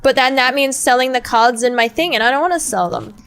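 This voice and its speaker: A woman's voice: sits high, animated, brisk, a bit bright, clear, resonant tone. A young woman chatting casually on a gaming stream, rambling and ranting with lots of swearing and fillers. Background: faint game music.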